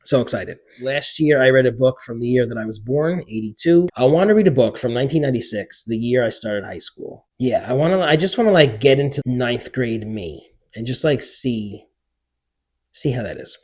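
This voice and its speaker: A man in his forties, a book vlogger, chatting casually to camera in an excitable way with many filler words. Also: medium pitch, moderate pace, husky. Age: 40s.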